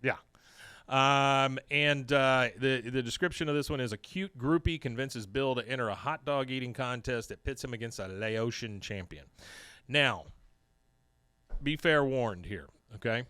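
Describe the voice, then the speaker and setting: A man's voice: medium pitch, unhurried, bright, forceful tone, smooth, no echo. A man hosting a podcast, casually recapping a cartoon episode and reading its lines aloud with frequent laughs. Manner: reads episode plot with quoted lines, laughs often. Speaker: podcast host.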